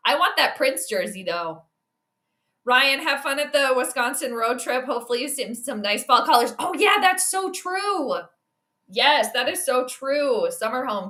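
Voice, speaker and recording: A woman hosting a casual live stream, commentating a football game, chatty and excitable, reading chat aloud and laughing often. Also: on the high side.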